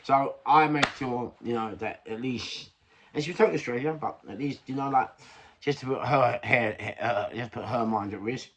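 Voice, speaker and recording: A man's voice: medium pitch, normal speed. An older man with a London accent tells a rambling street story in casual chat, swearing and laughing at himself. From England. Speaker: vlogger.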